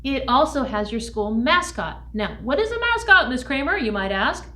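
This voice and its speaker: A woman music teacher giving an upbeat lesson to young children, speaking slowly and clearly. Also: very animated, roomy sound, distant mic. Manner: shouts chant calls in a high voice.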